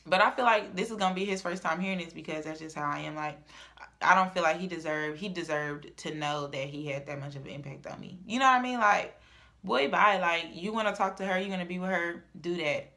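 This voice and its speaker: A woman's voice: lowish voice, a little fast. A young woman, telling a personal story in a casual, dramatic vlog. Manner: chatty, dramatic, swings from loud to murmured.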